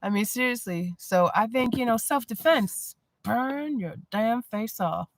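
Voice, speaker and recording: A woman chatting casually on a live stream, blunt and animated, often breaking into laughter. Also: fairly high pitch, unhurried, no echo. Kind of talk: casual chat.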